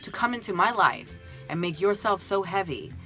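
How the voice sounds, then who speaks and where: A woman voicing an innocent, childlike little soul who asks excited, pleading questions in a storybook reading. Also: on the low side, moderate pace, soft background music, pitched above the performer's own voice. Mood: awed.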